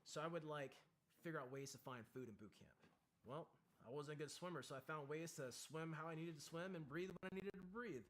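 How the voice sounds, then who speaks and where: A man, a military veteran, telling a candid story with intense, profane emphasis and acting out shouted lines as he goes. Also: a little high, a little fast, slight background noise. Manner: acts out shouted quotes in the story.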